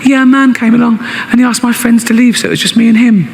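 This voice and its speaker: A man's voice: extremely high pitch, steady tone, fast, gravelly, long reverb tail, slight background noise, pitched above the performer's own voice. A man voicing a six-year-old girl in a stand-up routine, chirpy and innocent.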